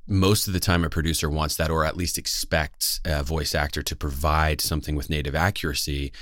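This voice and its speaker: A voice actor from the West Coast of the United States, with a General American accent, talks earnestly and casually to camera, full of fillers and restarts. His very deep voice is flat, brisk and a bit bright, captured in clean studio sound with no echo.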